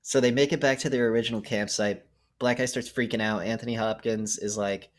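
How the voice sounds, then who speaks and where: A man co-hosting a podcast, casually retelling a film's plot with animated acted-out quotes. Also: on the low side, a little fast. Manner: animated storytelling, acts out quotes. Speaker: podcast co-host. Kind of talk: casual movie recap chat.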